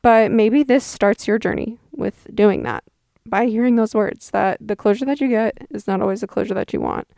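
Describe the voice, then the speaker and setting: A woman's voice: medium pitch, moderate pace, vocal fry, mellow, dry recording, clean studio sound. A young woman in her twenties hosting a podcast, telling a story in a chatty, wry way and quoting people in exaggerated voices. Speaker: podcast host. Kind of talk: casual storytelling monologue.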